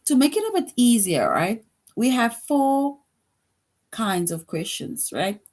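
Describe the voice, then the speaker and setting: A woman's voice: fairly high pitch, big pitch swings, slow pace, darkish tone. Patient woman teaching young kids. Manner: patient, repeats each point, frequent "right?". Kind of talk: grade school grammar lesson.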